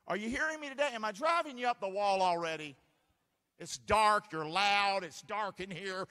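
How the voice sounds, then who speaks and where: Male pastor, animated call-and-response preacher; fairly high, bright voice heard in a hall with long reverb. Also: normal speed. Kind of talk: sermon. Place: church sanctuary.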